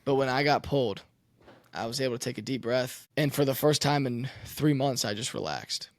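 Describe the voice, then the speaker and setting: A man's voice: mid-range voice, normal speed, no echo, studio quality. A young man who plays college quarterback, telling his story candidly and emotionally, swearing and saying "man". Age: young adult.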